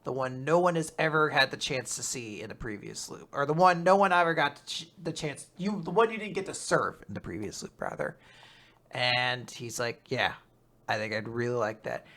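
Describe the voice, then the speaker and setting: A young man casually recapping a manga chapter, acting out the characters in quick voices and laughing often. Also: mid-range voice, bright, forceful tone. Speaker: podcast host recapping manga. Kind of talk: casual chat.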